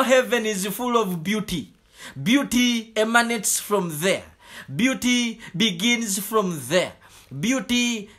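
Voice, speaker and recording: A man delivers a fervent sermon in a high, bright voice. He preaches at an unhurried pace, circling back to the same phrases again and again. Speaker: pastor.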